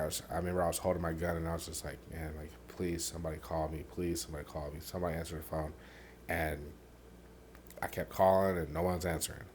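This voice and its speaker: A man hosting a podcast, telling his own painful story candidly, halting with many fillers and dropping quiet on the hardest parts. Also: slight background noise. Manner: softens and drops low on painful parts. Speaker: podcast host.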